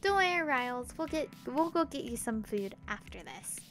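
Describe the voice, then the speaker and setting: A woman's voice: sits high, expressive, moderate pace, fairly bright tone. A woman reading the lines of a cheerful, teasing young woman guide from a visual novel, in a bubbly, upbeat manner. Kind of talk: reading game dialogue aloud.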